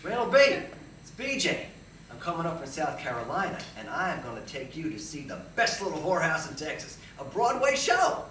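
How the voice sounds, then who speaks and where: A man voicing an excited old friend who calls from the South with a big invitation. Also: on the high side, fast talker, hardly any pauses, a little hiss or hum. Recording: echoey stage from far off.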